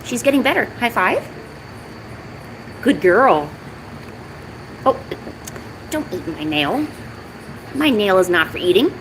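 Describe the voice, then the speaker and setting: A woman's voice: mid-range voice, sing-song, normal speed, pauses often, a bit bright, a little hiss or hum, poor audio. A woman chatting casually on her art live stream, talking to viewers and cooing at her cat between drawing. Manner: chatty, coos baby talk to her cat.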